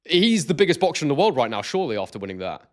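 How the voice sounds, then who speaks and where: His voice is a little high and he talks very fast. As an excitable boxing stream host, he chats loosely with his viewers and keeps reading out their names and messages.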